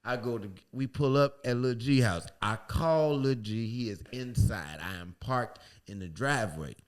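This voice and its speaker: A young man co-hosting a podcast, telling a profane, animated story and acting out what people said. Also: medium pitch, moderate pace, smooth. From from a city outside LA. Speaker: podcast co-host. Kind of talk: casual storytelling chat.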